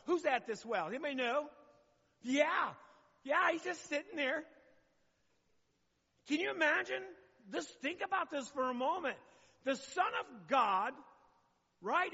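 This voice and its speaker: A man's voice: very high voice, pushed and bright, breathy edge, in a large hall, highs cut off. A man preaching a sermon as pastor, talking conversationally and asking the congregation questions.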